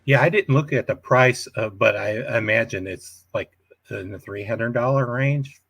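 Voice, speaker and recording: A man's voice: mid-range voice, normal speed, gravelly, a bit bright, breathy edge, dry recording. A man hosting a casual live chat from home, rambling and chuckling often. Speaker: livestream host.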